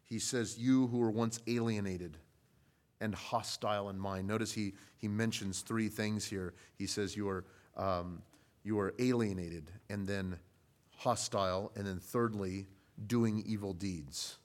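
A man preaching a sermon, measured and deliberate, building from quiet, low passages to loud, emphatic ones. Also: steady tone.

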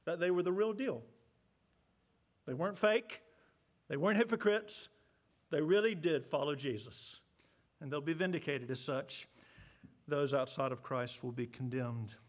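A man pastor giving an earnest, measured sermon, repeating key phrases and slowing down for emphasis. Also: high-pitched, a bit bright. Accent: Southern US.

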